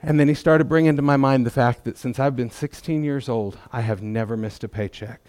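A man's voice: medium pitch, brisk, darkish tone, dry recording. A middle-aged man giving a testimony in church, talking in a folksy, conversational way with self-deprecating humor. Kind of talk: sermon testimony.

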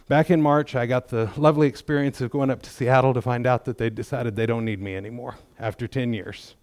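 A man's voice: medium pitch, steady tone, fairly quick, darkish tone, dry recording. Middle-aged man, church testimony, folksy and joking, dry close mic sound. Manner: folksy, self-deprecating humor, conversational. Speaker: church member giving testimony. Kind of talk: sermon testimony.

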